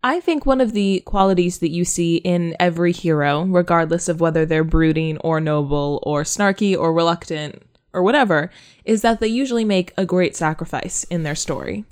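A woman's voice: fairly low pitch, moderate pace, smooth. Playful woman podcast co-host. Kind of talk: casual conversational podcast.

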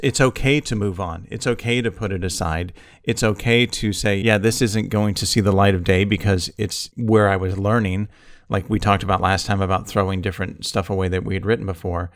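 A man co-hosting a podcast, talking in a relaxed, reflective way with playful banter. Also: sits low, a little fast, no echo, studio quality. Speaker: podcast co-host. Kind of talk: casual conversational podcast.

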